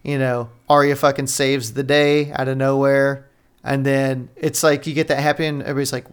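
Easygoing guy cohosting a podcast, middle pitch, cusses a lot. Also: a little fast, smooth. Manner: relaxed, profane, laid-back agreeing. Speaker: podcast co-host. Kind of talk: casual chat.

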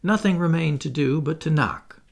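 A man reading a children's storybook aloud in an expressive narrating style. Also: on the high side, normal speed, gravelly. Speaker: audiobook reader.

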